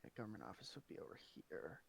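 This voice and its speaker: A man runs a tabletop game in a casual, rambling manner. His voice is mid-pitched, and the sound is dry and close to the mic. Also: sing-song, very fast, gravelly, breathy edge, no echo. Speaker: game master.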